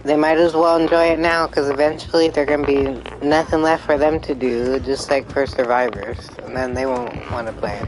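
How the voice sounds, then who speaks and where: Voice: medium pitch, steady tone, moderate pace, hardly any pauses, poor audio. A live streamer chatting casually and rambling through gameplay commentary, sometimes swearing when frustrated.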